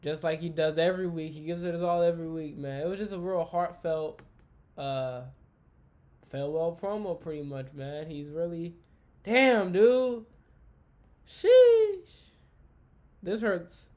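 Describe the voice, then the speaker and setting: A man hosting a casual wrestling recap for a live chat, with slangy, profane, excitable banter. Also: a little high, moderate pace.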